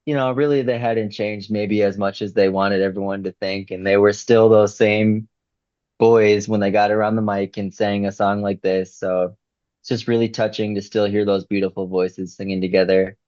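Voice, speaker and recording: A man's voice: lowish voice, flat delivery, normal speed, darkish tone, no room sound. A man co-hosting a music podcast, talking in a thoughtful, reflective way. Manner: thoughtful, reflective, says "you know" often. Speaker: podcast co-host. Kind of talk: casual chat. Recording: dull dry lo-fi mic.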